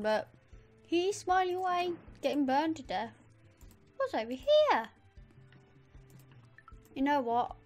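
A woman with a high, bright-pitched voice chats her way through a game, reacting eagerly and often addressing the viewers directly. Soft music plays faintly underneath. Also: takes it slowly, long pauses. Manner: chatty, easily excited, talks to viewers. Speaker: gamer. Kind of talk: let's play commentary.

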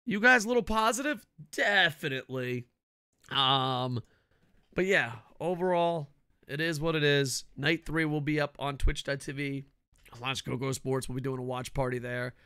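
A middle-aged man ranting loudly about wrestling, cranky and swearing constantly. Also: mid-range voice, moderate pace, clear, resonant tone, dry recording, studio quality. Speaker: wrestling commentary vlogger. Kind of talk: profane ranting commentary.

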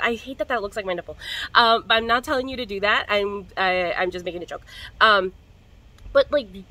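A young woman vlogger chats to camera in a sharp, mid-range voice, slangy and profane, coughing now and then between hits. The recording is rough.

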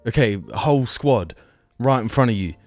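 A man's voice: medium pitch, expressive, normal speed, no room sound, soft background music. A man co-hosting a podcast, telling stories animatedly and swearing casually. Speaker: podcast co-host. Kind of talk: casual chat.

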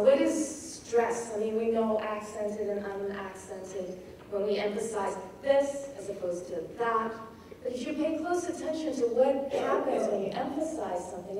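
Soft-toned woman lecturing in an echoey room. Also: mid-range voice. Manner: thoughtful, pauses to search for words. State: feeling cold. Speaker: poetry teacher. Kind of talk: informal lecture on poetry. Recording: distant mic in a very echoey room with faint noise.

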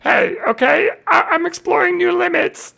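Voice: extremely high pitch, normal speed, gravelly, pushed and bright. A co-player in an improvised game role-play, speaking in a bumbling, sheepish, hesitant way.

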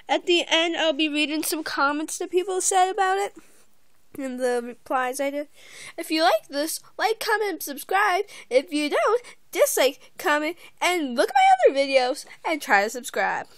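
A woman who has been coughing and is losing her voice, reading a creepypasta aloud in a halting way and stumbling over words as a channel host. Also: high voice, big pitch swings, no room sound.

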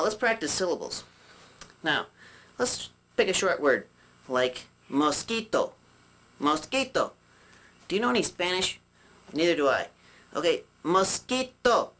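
A man voicing a chatty male puppet who teaches puppetry with jokes and rambling asides, often clearing his throat. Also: high voice, pushed and bright, full character voice. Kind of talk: puppet demonstration lesson.

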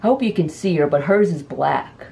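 A woman speaking casually in a dim indoor room, her voice soft and mellow but swinging widely in pitch. She gushes as she presents a rescue cat for adoption, slipping into a cooing sing-song. Her delivery is warm-toned and animated. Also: moderate pace, gravelly, breathy edge. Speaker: pet rescue volunteer. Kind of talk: casual adoption video chat.

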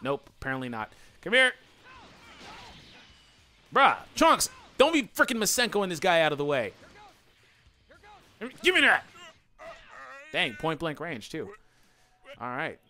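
A man doing let's play commentary, excitable and yelling taunts at his opponents over faint game music. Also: on the high side, unhurried, long pauses. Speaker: gaming channel host.

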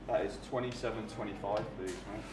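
A man working at a takeaway counter, taking an order in a brisk, friendly way, heard from a distance. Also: on the low side, steady tone, echoey room, heavy background noise. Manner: brisk, friendly service talk. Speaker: takeaway server. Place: inside a busy takeaway. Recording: distant mic in busy room.

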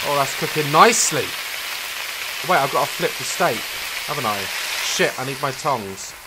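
A man commentating his own gameplay, frustrated, swearing, and breaking into high shouts. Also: expressive, moderate pace, background noise. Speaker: gameplay video maker.

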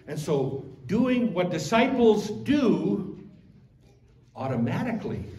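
Slow, emphatic male pastor preaching. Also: slight background noise. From Canada. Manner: emphatic preaching, swells loud on key points then drops low. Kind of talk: sermon. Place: church sanctuary. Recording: echoey church room, faint ambience.

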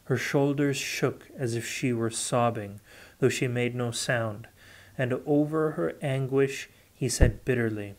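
A man reading a novel aloud unrehearsed, in a measured, unhurried way. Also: mid-range voice. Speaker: audiobook reader. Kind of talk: unrehearsed audiobook narration.

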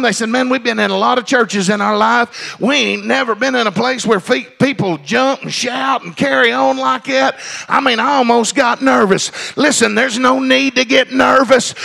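A man preaching a pentecostal sermon in a church, shouting and half-singing his phrases. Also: very high-pitched, normal speed, gravelly. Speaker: pastor. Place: church sanctuary.

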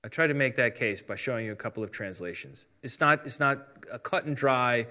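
A man with a bright, forceful voice of middling pitch gives a relaxed Bible lesson. He talks conversationally and walks through each point step by step, reading passages aloud as he goes. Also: fairly quick. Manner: conversational, explains step by step, reads out translations. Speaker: Bible teacher. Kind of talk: casual teaching talk.

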